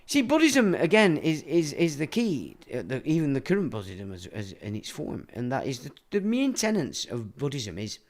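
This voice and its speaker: A middle-aged man delivers a rambling livestream monologue. His talk is blunt and full of swearing, and his pitch swings widely as he rants. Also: sing-song, normal speed, hardly any pauses. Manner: blunt, profane, ranting. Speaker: livestream host.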